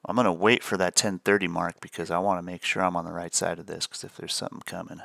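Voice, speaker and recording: A man's voice: sits low, flat delivery, fast talker, creaky, sharp tone, dry recording, clean studio sound. A middle-aged man hosting a live day trading stream, chatting casually and thinking aloud over his charts. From United States.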